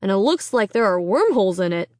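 A woman voicing a practical, level-headed father who speaks in a calm, matter-of-fact way. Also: medium pitch, a little fast, no echo, clean studio sound, close to an everyday voice.

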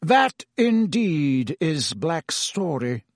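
A man reading aloud and voicing a calm, courteous old headmaster who stays firm. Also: on the high side, extremely slow, no echo, clean studio sound, voice pushed up, full character voice.

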